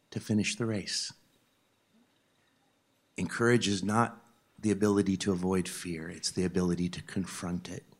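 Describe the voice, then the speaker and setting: A man preaching a sermon to a live audience, telling a personal story earnestly, moving from hushed moments to fervent appeals. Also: deep voice.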